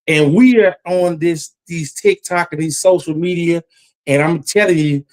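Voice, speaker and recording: A man's voice: fairly high pitch, unhurried, darkish tone. A man preaching a Bible lesson about judgment, emphatic and repetitive, his voice climbing as he warns. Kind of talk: Bible teaching sermon.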